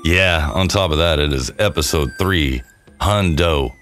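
A man's voice: a bass voice, unhurried, fairly bright tone, soft background music. A man co-hosting a podcast, chatting casually in a joking, goofy, rambling way. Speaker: podcast co-host. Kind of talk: casual chat.

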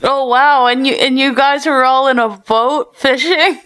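A woman's voice: high voice, fairly even intonation, unhurried, a bit bright, clear, resonant tone. A woman co-hosting a podcast who listens, laughs often and adds short reactions. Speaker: podcast co-host. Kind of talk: casual chat.

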